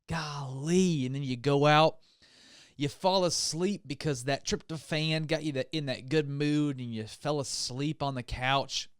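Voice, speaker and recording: A man's voice: medium pitch, smooth, no room sound, clean studio sound. A man hosting a comedy podcast, rambling through a hyped, mock-enthusiastic monologue. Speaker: podcast host.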